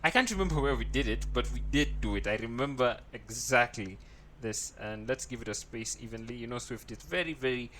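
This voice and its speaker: This programming tutor sounds lively and fairly bright, with a mid-range voice, a fairly quick pace and few pauses; there's a little hiss or hum. Recording a coding tutorial of his screen, he talks through his thinking while typing and keeps checking in with "right?".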